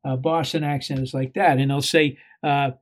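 A man of middle pitch answers as a guest in an interview. He talks haltingly and fills his pauses with hesitations. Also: steady tone. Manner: halting, lots of fillers. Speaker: actor, guest. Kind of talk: conversational interview.

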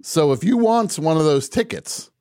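A man hosting a live call-in radio show, wry and mock-boastful, dropping to quiet mumbles and rising to shouts. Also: on the high side, animated, moderate pace, smooth, no room sound, clean studio sound.

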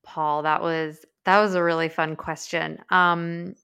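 A woman's voice: low voice, flat delivery, unhurried, gravelly, a bit bright, smooth. A woman co-hosting a podcast in casual chat, thoughtful and rambling, with many fillers. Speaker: podcast co-host.

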